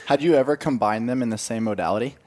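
Fast-talking enthusiastic male podcast host. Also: mid-range voice, darkish tone. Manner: enthusiastic, says dude a lot. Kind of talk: casual interview chat.

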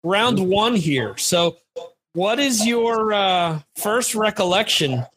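A man's voice: high-pitched, lively intonation, slow, fairly bright tone. A man hosting a casual podcast chat, stammering through restarts with many ums. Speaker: podcast host.

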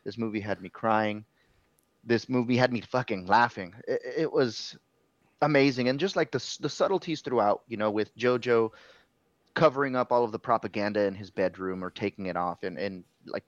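A man's voice: fairly low pitch, normal speed, no echo, lo-fi sound. A man co-hosting a podcast, gushing about a movie he loves, emphatic and swearing in casual chat. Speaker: podcast co-host.

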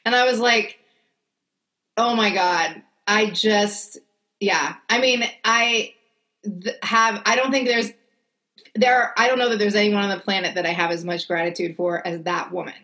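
A woman's voice: mid-range voice, measured pace. A woman co-hosting a podcast, talking casually and expressively, with frequent fillers. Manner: chatty, expressive, lots of fillers like "like". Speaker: podcast co-host. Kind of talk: casual chat.

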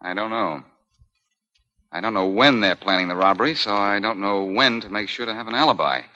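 A man's voice: lowish voice, fairly quick, bright, forceful tone. An actor playing a cool, cocky male hero who trades wry, breezy wisecracks, in the manner of 1940s radio acting, heard on a muffled old radio recording.

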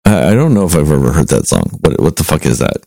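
A man's voice: a bass voice, very animated, quick pace, creaky, dark tone, dry recording. A man hosting a casual chat, blunt and teasing, with frequent cursing. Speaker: podcast host.

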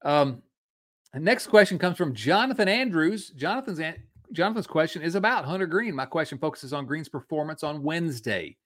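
Man, 40s, Midwestern accent, lively pitch, podcast co-host, laughs easily. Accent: Midwestern American. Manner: animated, chatty, quick to laugh. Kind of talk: casual sports talk.

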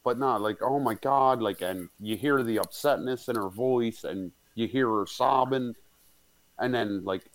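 A man's voice: mid-range voice, unhurried. A man recounting a memory in casual conversation, rambling with many fillers and crude swearing. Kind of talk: casual storytelling.

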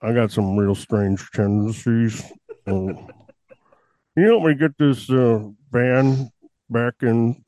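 Man doing a creepy killer voice, low, slow, murmuring, on a dry podcast track. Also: steady tone, mellow, no echo, lightly acted. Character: creepy slow-talking male killer with strange tendencies.

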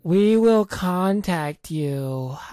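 A woman voicing a sluggish, heavy-breathing female customer service agent who talks in a slow, flat, deadpan way. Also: lowish voice, no echo, studio quality.

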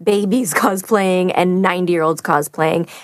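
A woman's voice: on the low side, fairly even intonation, a little slow, no echo, clean studio sound. A woman voice actor chatting as a guest, telling stories and gushing about fans with frequent laughter. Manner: gushing, storytelling, laughs often. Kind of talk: casual chat.

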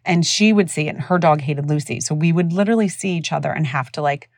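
Low-voiced woman telling a podcast story. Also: fast, no room sound, studio quality. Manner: animated, acts out voices of others. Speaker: podcast host. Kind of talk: casual storytelling.

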